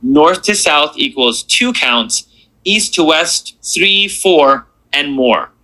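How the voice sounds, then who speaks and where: Bright-voiced encouraging male teacher. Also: on the high side, lively intonation, low-quality recording. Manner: patient, encouraging, slows down to repeat sounds. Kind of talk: beginner language lesson.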